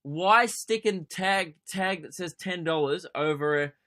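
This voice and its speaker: Bright-voiced sarcastic Australian man. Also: high voice, slow pace. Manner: sarcastic, sweary, animated storytelling. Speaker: comedian and podcast host. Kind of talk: comedic solo podcast rant.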